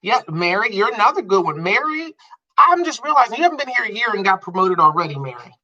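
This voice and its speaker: A middle-aged man hosting a casual staff update on a video call, animated and repetitive, stretching out his phrases. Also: high-pitched, lo-fi sound. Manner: animated, repeats himself, drawn-out phrases.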